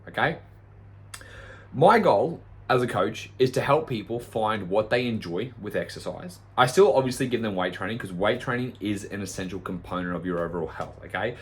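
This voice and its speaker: Man, fitness coach, blunt, profane, fairly low voice. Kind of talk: casual podcast monologue.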